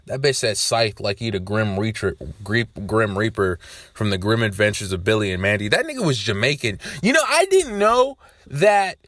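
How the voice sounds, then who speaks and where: A young man talking to camera in a loose, rambling way, swearing freely and breaking into loud outbursts. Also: medium pitch, normal speed, no room sound, clean studio sound. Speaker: vlogger. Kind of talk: casual rambling monologue.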